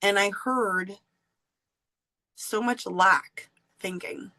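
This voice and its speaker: A woman hosting a podcast, candidly telling a personal story in an animated way and laughing often. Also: medium pitch, extremely slow, rough recording. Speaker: podcast host.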